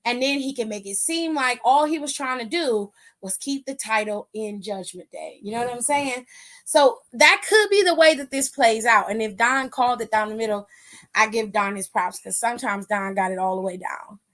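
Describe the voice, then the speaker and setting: A woman's voice: a little high, normal speed, a bit bright. A young woman hosting a casual wrestling aftershow stream, sassy and chatty, talking back to her chat and calling viewers pet names.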